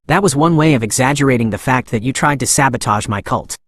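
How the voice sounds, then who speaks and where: A man narrating an icy, composed male cult leader from a recap story. He speaks curtly and calmly in a mid-pitched voice. The recording is dry. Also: fast, no room sound, natural voice. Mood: cold. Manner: cold and curt. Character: cold, calm male demonic cult leader.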